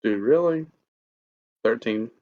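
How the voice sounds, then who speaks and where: A man's voice: mid-range voice, expressive, slow, dry recording, lo-fi sound. A man player chatting casually and jokingly during a tabletop game. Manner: joking, laid-back.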